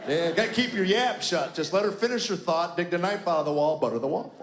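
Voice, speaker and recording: Man, stand-up comic, wry and deadpan; fairly high voice, echoey room with noise. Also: a little fast, some chatter behind. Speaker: stand-up comedian. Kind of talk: stand-up routine.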